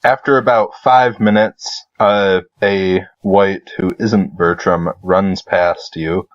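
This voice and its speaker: Man, dungeon master, very low voice, relaxed, filler-heavy, lo-fi sound. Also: no room sound. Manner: relaxed, unhurried, with frequent "uh"s and "all right"s. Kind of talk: narrating a tabletop game. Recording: dull lo-fi sound.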